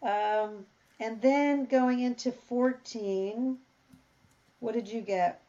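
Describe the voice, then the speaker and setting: A woman talking through a Bible passage in casual conversation, reading verses aloud and thinking out loud. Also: fairly high pitch, slow, muffled recording. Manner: thinks aloud, reads scripture, animated when surprised. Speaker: Bible study co-host. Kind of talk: casual Bible study discussion.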